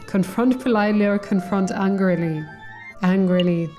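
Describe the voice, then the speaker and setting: Deadpan swearing woman gamer. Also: medium pitch, moderate pace, faint music behind. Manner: dry, deadpan and profane, laughing. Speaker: let's play streamer. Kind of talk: casual gameplay commentary.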